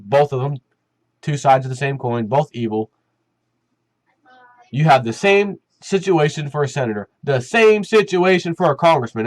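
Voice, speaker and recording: A man hosting his own commentary channel, giving a heated, animated opinion rant full of fillers and restarts. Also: fairly high pitch, dry recording, rough recording.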